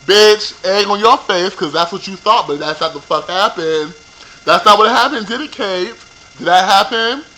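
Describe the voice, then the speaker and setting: Man, high voice, bright and sharp tone, profane animated rant, addresses viewers directly. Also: moderate pace, poor audio. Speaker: reality TV recap vlogger. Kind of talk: ranting show recap.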